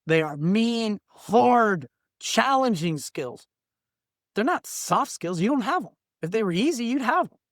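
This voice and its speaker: A man's voice: high voice, sing-song, a little slow, dry recording, clean studio sound. A middle-aged man, a workplace coach, telling blunt stories in a podcast interview and acting out the people he quotes. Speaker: diversity trainer and workplace coach. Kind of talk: animated storytelling in a podcast interview.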